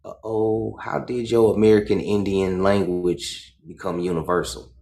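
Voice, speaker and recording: A man's voice: sits low, steady tone, creaky, darkish tone, echoey room. A man hosting a livestream, reading a book aloud and stopping often to explain it in his own words, checking in with "right?". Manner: reads slowly, stops to explain and asks "right?". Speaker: livestream host.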